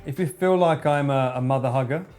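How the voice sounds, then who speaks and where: A man's voice: medium pitch, brisk, a little mellow, faint music behind. A man streaming live, bantering and joking with his chat in a casual way. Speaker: livestreamer.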